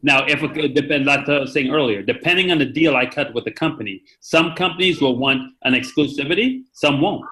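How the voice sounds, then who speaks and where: Bright-voiced man hosting a rambling call. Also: fairly high pitch, brisk, hardly any pauses, rough recording. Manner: rambling, chatty, with many fillers and restarts. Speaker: meeting host. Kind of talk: casual conference call talk. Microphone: conference call.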